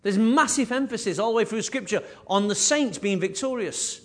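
A man preaching a sermon with emphatic, repetitive phrasing, his voice rising and falling in loudness. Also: high voice, moderate pace. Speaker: pastor.

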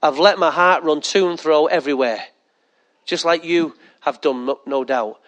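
A man preaching a sermon as pastor, animated, asking the congregation questions and acting out little asides. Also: on the high side, moderate pace.

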